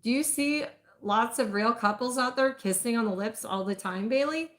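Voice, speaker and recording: A woman voicing a steady, protective older man in a romance audiobook reading, speaking in a low, firm murmur. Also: normal speed, close to an everyday voice. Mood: dismissive.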